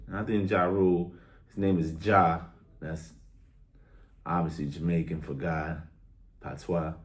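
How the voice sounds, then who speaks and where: A man's voice: very deep voice, darkish tone. A young man ranting bluntly to his viewers in a casual, exasperated way, full of street slang. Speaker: vlogger. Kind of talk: casual rant to camera.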